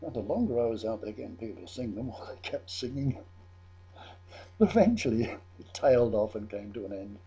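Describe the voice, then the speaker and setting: A man's voice: medium pitch, lively intonation, fairly quick, mellow, husky. An older man from England telling a chatty personal anecdote, amused at himself, with frequent restarts. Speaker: storyteller.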